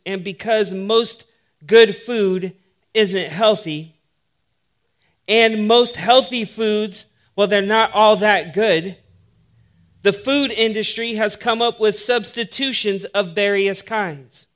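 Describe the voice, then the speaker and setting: A man's voice: sits high, takes it slowly, a bit bright. A man preaching a sermon in a conversational, humorous way that builds to emphatic points.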